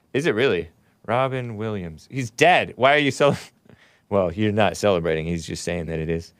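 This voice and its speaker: A man's voice: fairly low pitch, no room sound. A man hosting a live stream, giving sarcastic, opinionated commentary and reading viewer chat aloud. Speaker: host.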